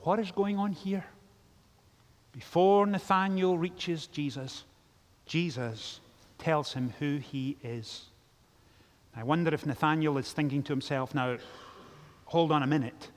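A man preaching a sermon as pastor, telling the story in a lively way and acting out the characters' lines. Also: fairly high pitch, unhurried, pauses often. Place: large church. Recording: long church reverb.

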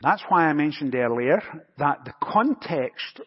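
A man preaching a sermon as pastor, telling a light, gently humorous story before moving into scripture. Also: a little high, lively intonation, unhurried, husky. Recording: dull recording with long church reverb.

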